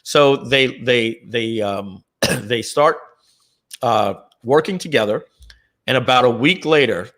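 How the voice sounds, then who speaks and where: A man in the middle of his usual pitch tells a business story in loose, casual talk. He clears his throat again and again and trips over repeated words. He also slips into other people's voices to act out what they said. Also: slow pace. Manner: animated, acts out the dialogue of others. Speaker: company co-founder on a live Q&A stream.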